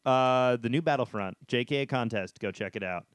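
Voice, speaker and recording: A man's voice: mid-range voice, moderate pace, clean tone, dry recording. A man hosting a casual podcast chat, laughing often and steering the talk along. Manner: laughs often, drives the conversation. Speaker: podcast host.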